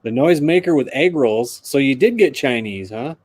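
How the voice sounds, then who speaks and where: A man's voice: mid-range voice, expressive, moderate pace, darkish tone, husky, dry recording. A man chatting casually on a car live stream, joking and laughing often. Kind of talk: casual chat.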